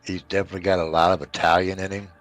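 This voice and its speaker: A man's voice: low voice, flat delivery, very fast. A man chiming in with brief, dry remarks during a casual chat.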